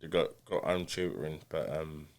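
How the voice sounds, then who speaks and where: A man's voice: rumbling low, normal speed, vocal fry, darkish tone. An English man, a boxer and podcast guest, talking bluntly and self-deprecatingly with many restarts. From England. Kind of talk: casual podcast interview.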